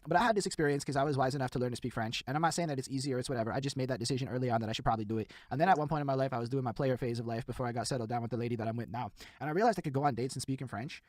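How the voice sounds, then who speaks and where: Rapid-fire excitable male host. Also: mid-range voice, dry recording. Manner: fast, excitable, heavy swearing. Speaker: podcast host. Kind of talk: casual interview chat.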